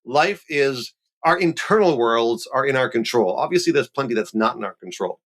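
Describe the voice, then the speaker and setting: A middle-aged man from Montreal, a rabbi explaining ideas in a relaxed conversational way, animated and playful with quick asides. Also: mid-range voice. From Montreal, Canada. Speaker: rabbi, guest.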